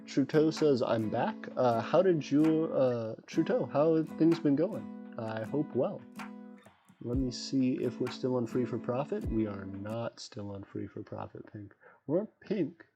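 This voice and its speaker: A man hosting a casual livestream while gaming, rambling excitably and chatting to the creatures on screen. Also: medium pitch. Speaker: livestream host. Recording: dull lo-fi sound with faint background beats.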